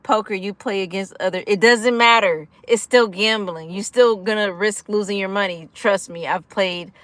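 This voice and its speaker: A woman hosting a casual livestream, energetic and giggly, laughing often while she chats with viewers and answers their comments. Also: medium pitch, normal speed, dry recording. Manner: chatty, with frequent fillers like "like" and "y'all". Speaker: livestream host of a gambling recovery channel.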